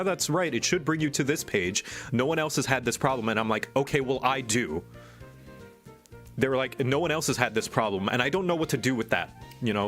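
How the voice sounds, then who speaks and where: A man's voice: mid-range voice, fairly bright tone. A man streaming live, in casual chat and ranting with exasperation. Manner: exasperated, venting rant. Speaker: streamer and animator.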